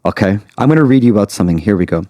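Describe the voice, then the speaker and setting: A man's voice: lowish voice, animated, racing, warm tone, dry recording, studio quality. A man hosting a podcast as a wedding MC, chatting casually in a playful, teasing way. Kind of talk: casual chat.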